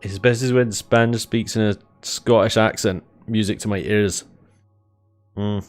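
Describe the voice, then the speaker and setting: A man's voice: on the low side, steady tone, measured pace, soft background music. A man chatting casually while live-streaming a building game, thinking aloud and chuckling often.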